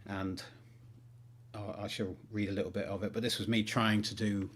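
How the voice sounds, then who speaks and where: A man talks about writing on a livestream, rambling with many ums. His voice is low and somewhat husky, with a self-deprecating manner. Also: little pitch movement, normal speed. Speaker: author. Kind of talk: livestream chat and reading aloud.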